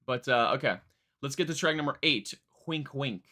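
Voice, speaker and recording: A man's voice: mid-range voice, normal speed, bright, forceful tone. A young man streaming a live album reaction, chatting casually in a rambling, self-mocking way.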